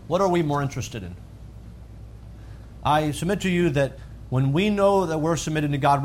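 A man preaching a sermon, swinging from calm teaching to loud, fervent high-pitched emphasis. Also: slight background noise.

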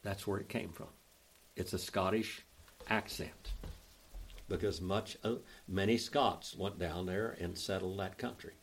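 An older man with an Oklahoma Southern accent, teaching a Bible study in a folksy, drawling way and spelling out the Greek grammar slowly. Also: low-pitched, fairly even intonation, a little hiss or hum.

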